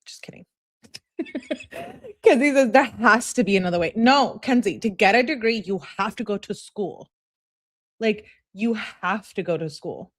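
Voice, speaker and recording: Woman reading texts out loud real slow, sassy, laughing and talking back at them. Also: mid-range voice, sing-song. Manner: sassy, laughs and talks back to what she reads. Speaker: host reading text messages. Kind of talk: casual commentary reading texts aloud.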